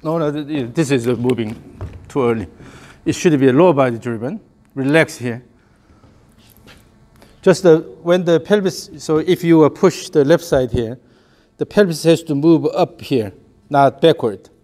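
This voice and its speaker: A man's voice: on the high side, moderate pace, long pauses, dark tone. A man giving a hands-on golf lesson, explaining the swing and calling out short repeated cues in rhythm. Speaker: golf coach.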